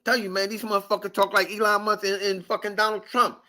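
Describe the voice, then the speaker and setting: A man hosting a casual podcast, ranting in an animated, profane, repetitive way. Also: high voice, fast. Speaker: podcast host.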